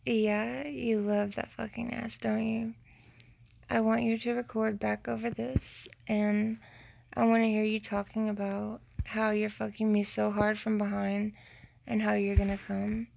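A woman recording an intimate voice message to her partner, talking in a slow, teasing way that slips into whispers. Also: flat delivery, creaky, a little mellow, slight background noise. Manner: slow, low-key and teasing, slipping into whispers.

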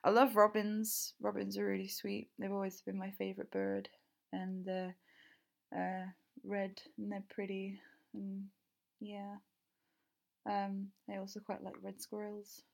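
A young woman with a clear, slightly posh southern English accent, chatting casually through fan questions. She enunciates with care, laughs easily and swears freely. She trails off into fillers while she thinks. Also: medium pitch, completely flat delivery, unhurried. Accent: southern English, standard-leaning. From England. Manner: enunciates clearly when recording. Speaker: creator answering fan questions. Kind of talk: casual Q&A recording.

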